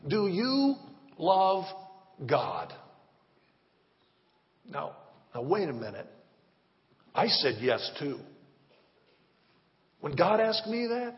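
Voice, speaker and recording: A man's voice: high voice, sing-song, slow, long pauses. A man preaching and praying as a pastor, fervent and rhythmic, with repeated appeals. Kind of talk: sermon with prayer. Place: church hall. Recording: reverberant, dull church recording.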